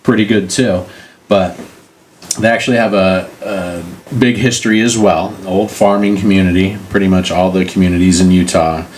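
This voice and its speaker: A middle-aged man with a low voice, hosting a casual chat and telling local legends with jokes and silly put-on voices. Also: fairly even intonation, moderate pace, a little hiss or hum. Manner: joking, acts out silly voices in the stories. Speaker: podcast co-host.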